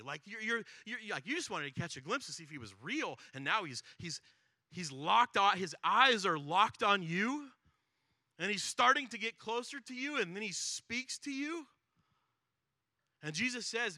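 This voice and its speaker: A man preaching a sermon, telling a Bible story with lively acted-out quotes. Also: sits high, measured pace, pauses often, no room sound, studio quality. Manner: animated storytelling, acts out quotes. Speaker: pastor.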